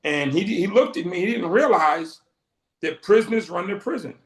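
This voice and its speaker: A middle-aged man from Boston, interviewed as a guest, tells his story colorfully and voices the dialogue he quotes. He has a high-pitched, animated voice at normal speed, heard in a roomy, echoing space.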